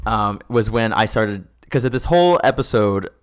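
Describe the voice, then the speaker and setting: Relaxed, lower-voiced podcast co-host man. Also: moderate pace, clear, resonant tone. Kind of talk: casual show recap.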